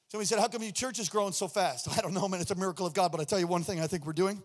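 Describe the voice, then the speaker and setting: A man preaching a sermon as a pastor, loud and impassioned, often shouting. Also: sits high, racing, few pauses. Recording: long hall reverb.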